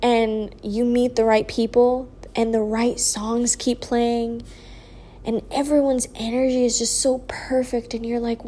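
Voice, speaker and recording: A sleepy young woman tells a personal story in a slow, unhurried way. Her voice sits a little high, and her talk is loose and full of "like", drifting into soft trailing asides. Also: little pitch movement, a little hiss or hum. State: sleepy, yawning. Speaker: vlogger sharing a personal story. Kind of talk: casual storytelling.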